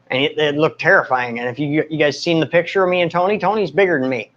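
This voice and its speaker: A man's voice: on the high side, sing-song, a little fast, fairly bright tone, lo-fi sound. A man hosting a casual live stream, talking to his viewers in a nervous, joking way and laughing often. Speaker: live video host and recovery speaker.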